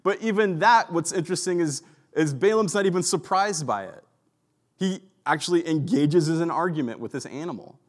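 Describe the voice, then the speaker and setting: A man's voice: fairly high pitch, normal speed. A man preaching a sermon in a conversational storytelling way, full of asides and fillers. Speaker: pastor.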